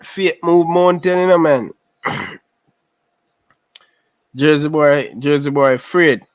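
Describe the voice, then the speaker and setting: Jamaican male streamer, casual chat, slightly high voice, dry close sound. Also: steady tone, takes it slowly, no echo. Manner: chatty, repeats himself, addresses viewers by name. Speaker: livestream host. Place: living in Canada.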